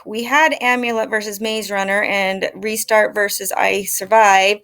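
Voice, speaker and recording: A woman's voice: a little high, a bit bright. A female student reading a school update plainly. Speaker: student announcer. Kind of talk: school news segment.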